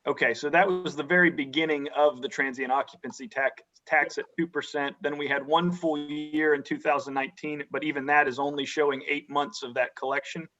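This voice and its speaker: A man on a county board asking careful, measured questions in a public meeting, often restarting his sentences. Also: fairly high pitch, fairly even intonation, bright, forceful tone. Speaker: county supervisor. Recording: dull lo-fi meeting audio.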